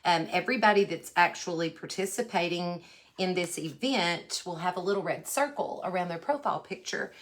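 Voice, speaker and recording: A Texan woman with a lowish voice and a brisk pace hosts a casual craft livestream. She's chatty and folksy, warmly greeting viewers by name while she works.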